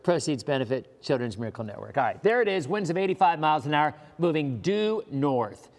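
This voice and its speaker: A middle-aged man with a fairly high voice gives a live weather broadcast. He sounds reassuring and emphatic, and he repeats his key points. A long reverb trails after his voice. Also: very animated, fairly quick, darkish tone. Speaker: TV meteorologist. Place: live stream studio.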